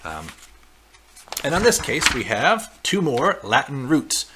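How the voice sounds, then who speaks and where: In this recorded lesson walkthrough, a man teaching remotely guides students through the weekly packet in a relaxed, explanatory manner, full of fillers and check-ins. His mid-range voice swoops wildly in pitch at a slow pace, with background noise behind him.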